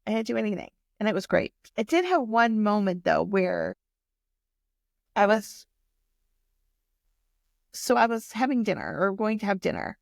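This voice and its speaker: A woman in her forties tells a personal story, candid and emotional, with plenty of swearing. Her voice has a gravelly fry at the ends of phrases. The sound is dry and close, with no room around it. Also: mid-range voice, animated, moderate pace, pauses often, no echo. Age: 40s. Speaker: vlogger.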